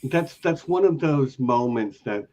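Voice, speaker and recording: A man's voice: medium pitch, expressive, measured pace, a crowd in the background. A man co-hosting a casual podcast discussion as a long-time fan, talking in an eager, emphatic way. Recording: dull lo-fi audio.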